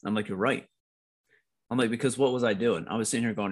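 A man's voice: lowish voice, quick pace. A middle-aged American man telling a personal story in a candid conversation, blunt and profane, often repeating himself.

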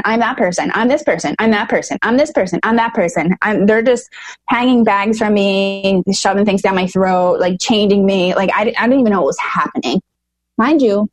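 A woman's voice: medium pitch, a little mellow, no room sound. A young adult woman, a podcast guest, telling a personal story in a casual, emotional way with many fillers. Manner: emotional, fast, filler-heavy retelling.

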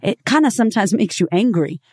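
A woman's voice: medium pitch, lively intonation, darkish tone, husky, no echo, clean studio sound. Blunt, profane woman podcaster. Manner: blunt and profane, with frequent rhetorical questions; emphatic, swinging between punchy and drawn-out phrases. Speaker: podcast host. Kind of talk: motivational podcast monologue.

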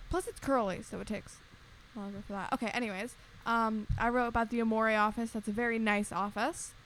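A woman's voice: a little high, steady tone, brisk, fairly bright tone, slight background noise. A young woman co-hosting a podcast, rambling animatedly in casual chat with lots of filler words. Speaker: podcast co-host.

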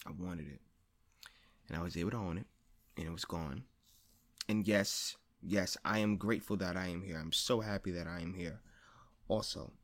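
Blunt, swearing man on a podcast. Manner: blunt, swears often, repeats phrases for emphasis; grows louder and higher when stressing a point. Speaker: podcast host. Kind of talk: personal monologue.

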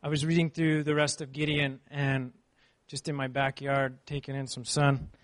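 A man preaching a sermon, reading scripture and then telling a personal story in an earnest, animated way. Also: mid-range voice, moderate pace.

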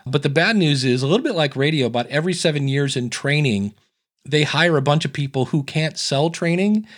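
Chatty man telling stories, slightly high voice. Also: a bit bright. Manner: chatty storyteller who acts out quoted dialogue. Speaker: podcast coach and guest. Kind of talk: casual interview chat.

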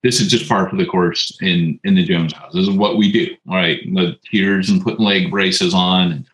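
A man's voice: deep voice, normal speed, echoey room, low-quality recording. A man co-hosting a casual podcast chat, telling stories and acting out quotes with animation. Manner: animated storyteller, acts out quotes. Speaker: podcast co-host.

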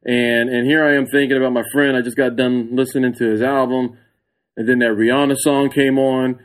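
A man's voice: medium pitch, a little fast, rough recording. A man, a comedian guest on a podcast, telling a story casually with lots of swearing and laughter. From San Antonio, Texas. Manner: animated, acts out his own reactions in a raised voice; profane, laughs often.

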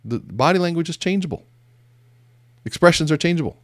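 A man's voice: a little high, animated, a little fast, no echo, clean studio sound. A middle-aged man giving a conversational motivational talk on leadership, direct and emphatic, with casual asides and stories. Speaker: business speaker on leadership. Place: seated indoors.

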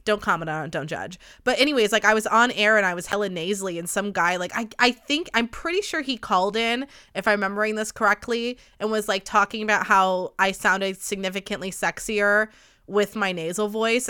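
A woman's voice: medium pitch, fairly quick, sharp tone, clean tone. A woman in her late twenties hosting a podcast in casual chat, gossipy, rambling and swearing freely, her voice stuffy and nasal from a cold. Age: late 20s. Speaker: podcast host.

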